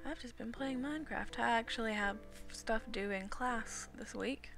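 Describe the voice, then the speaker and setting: A woman's voice: fairly high pitch, moderate pace, gravelly, a bit bright, faint music behind. A young woman chatting her way through a Minecraft game at home, coughing now and then after being sick, rambling and talking to herself as she plays. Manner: rambling and chatty, talks to herself while playing. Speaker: gaming video creator. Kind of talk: casual Minecraft commentary.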